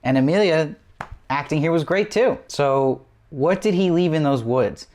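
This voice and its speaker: A man's voice: on the high side, animated, a little slow, darkish tone. A man hosting his own TV review show, recapping an episode eagerly and piling up rhetorical questions. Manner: enthusiastic, asks lots of rhetorical questions. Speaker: TV review host.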